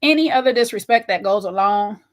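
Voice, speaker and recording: A woman hosting a casual reality-show recap, ranting and animated, with slang-filled conversational talk. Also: mid-range voice, brisk. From not Jamaican, Belizean family ties.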